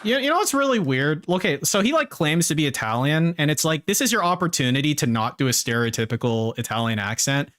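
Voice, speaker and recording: A man's voice: on the high side, sing-song, fast, few pauses, fairly bright tone. A man streaming and giving casual, wry reaction commentary with some swearing.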